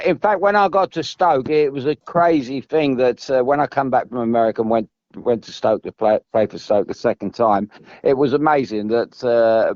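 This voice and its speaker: Older bloke rambling on about the old days, low voice, dry dull sound. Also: male voice, dry recording. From England. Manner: meandering, repeats himself, many restarts. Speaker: podcast guest, former footballer. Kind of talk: rambling storytelling.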